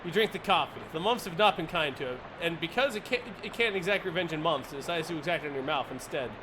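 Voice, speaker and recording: A man's voice: fairly high pitch, animated, fast talker, background noise. A man streaming a video game, reading its text aloud with jokey asides. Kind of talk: casual game commentary.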